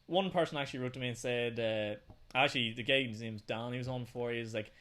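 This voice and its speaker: Young male podcast host, very quick, casual and sweary. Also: mid-range voice, a bit bright. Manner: rapid, swearing, storytelling. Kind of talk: casual chat.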